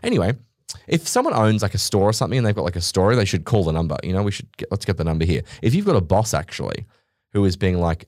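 A man's voice: low-pitched, lively intonation, fast talker, darkish tone, no room sound, clean studio sound. A young Australian man hosting a solo podcast, ranting in a brash, sweary, theatrical way. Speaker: podcast host.

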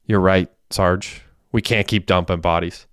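A man's voice: deep voice, steady tone, measured pace, fairly bright tone, clean tone, no room sound, clean studio sound. A man voicing a volatile young man who has just killed someone, in lightly acted audiobook dialogue. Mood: shaken. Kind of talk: audiobook character voice.

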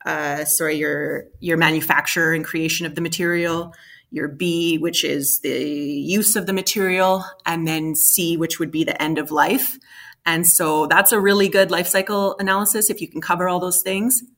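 A woman's voice: on the low side, steady tone, moderate pace, a bit bright. A woman, a guest expert, explaining building emissions in a conversational interview with many fillers and restarts.

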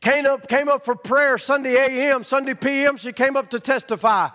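A man preaching a sermon, rising from quiet storytelling to fervent shouting. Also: extremely high pitch, steady tone, normal speed, big-room sound.

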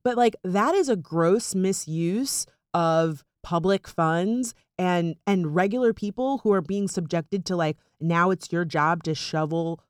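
A young woman co-hosting a casual podcast. She talks in an animated, rambling way, full of "like" fillers. Her voice sits a little low, and the sound is dry and close. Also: measured pace, hardly any pauses, clean tone, no room sound. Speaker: podcast co-host. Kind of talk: casual chat.

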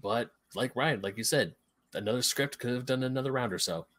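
A man co-hosting a podcast, giving his opinion in a relaxed, plain-spoken way. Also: mid-range voice, fairly quick. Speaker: podcast co-host. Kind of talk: casual review chat.

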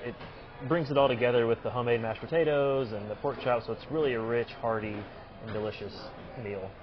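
A man who owns a restaurant, explaining his dishes in a relaxed, halting way with frequent ums. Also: medium pitch, highs cut off, music in the background. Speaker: restaurant owner. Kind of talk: casual on-location interview. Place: restaurant dining room.

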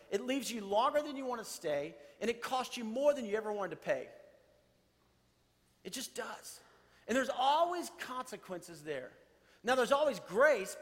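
A man preaching a sermon to a congregation, conversational and animated, with playful asides. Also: very high-pitched, in a large hall. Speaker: pastor.

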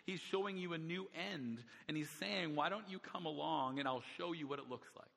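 A man's voice: a little high, gravelly, a bit bright. A man preaching a sermon as a pastor, stressing key phrases by repeating them. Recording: long hall reverb.

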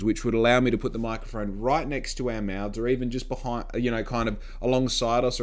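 Blunt, sweary man vlogging to camera. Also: mid-range voice. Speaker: podcaster and vlogger. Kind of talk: casual talking-to-camera vlog. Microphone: phone microphone.

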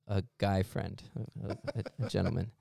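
A man's voice: low-pitched, level tone, normal speed, vocal fry, dark tone, no room sound, clean studio sound. A young man, a podcast co-host, telling a rambling, self-deprecating story in casual chat and laughing often.

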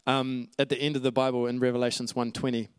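A man's voice: mid-range voice, level tone, quick pace, smooth, no room sound. A man preaching a sermon, teaching earnestly from scripture with asides to the congregation. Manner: earnest teaching with scripture references, occasional light laughs.

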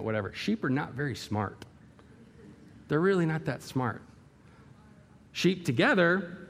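A male pastor preaching a sermon in a church hall, emphatic and full of rhetorical questions and vivid illustration. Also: medium pitch.

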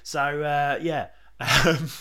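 A man's voice: a little high, steady tone, extremely slow, vocal fry, bright, forceful tone. A man chatting casually as a podcast co-host. He rambles loosely, leans on fillers and swears freely. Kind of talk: casual chat.

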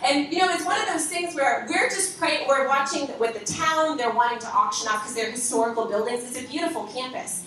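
A woman with a fairly high voice tells an animated testimony, excitable and quick to laugh as she acts out the people she quotes. She sounds distant from the mic in a very echoey room with a faint hiss behind her. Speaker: speaker telling a testimony.

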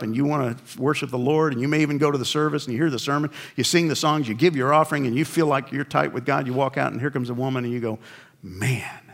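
A middle-aged male pastor preaching a sermon in a conversational, confessional way, dropping into quiet asides. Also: medium pitch.

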